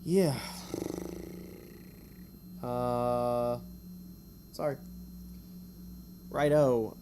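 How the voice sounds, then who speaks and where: A man's voice: mid-range voice, steady tone, background noise. A man streaming, reading a gamebook aloud in a casual way, with rambling, self-mocking asides between passages. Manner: chatty, rambling asides, quick to laugh at himself.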